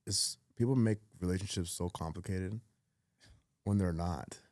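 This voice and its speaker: A man's voice: low voice, normal speed, darkish tone, no echo, studio quality. A man talking bluntly and emphatically as a guest in a casual podcast conversation, swearing freely.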